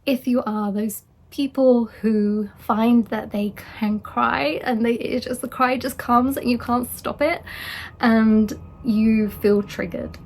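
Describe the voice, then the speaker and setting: A woman life coach talking earnestly and encouragingly to her listeners, now and then dropping into a soft whisper. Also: fairly high pitch, steady tone, slow pace. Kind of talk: motivational monologue.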